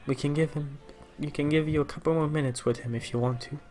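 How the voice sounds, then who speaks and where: A man voicing a small female pixie who speaks softly and gravely. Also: a little high, steady tone, fast, faint music behind, voice pushed up, lightly acted. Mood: solemn.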